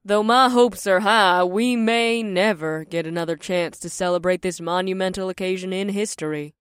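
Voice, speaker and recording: A woman's voice: mid-range voice, moderate pace, smooth, no room sound, close to an everyday voice. Give me a woman playing a dutiful rhino woman, earnest and respectful to her queen. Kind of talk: audiobook character voice.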